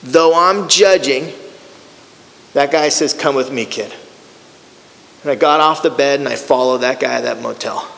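A middle-aged man giving a personal recovery testimony, storytelling in an animated way and acting out the voices of the people in it. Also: medium pitch, unhurried, vocal fry, pauses often. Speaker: recovery speaker. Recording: hall with long reverb.

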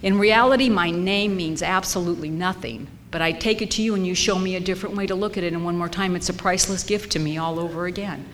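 A woman in her sixties sharing a personal story with a recovery group, blunt and salty, growing loud and laughing. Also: lowish voice, quick pace, hardly any pauses, in a large hall, slight background noise. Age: 60s.

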